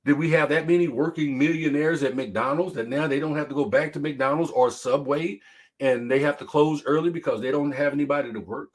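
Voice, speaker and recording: A man's voice: a little high, a little fast. A middle-aged man hosting a casual live-stream talk show, telling stories and reading viewer comments aloud. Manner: animated storytelling, reads viewer comments aloud, laughs hard.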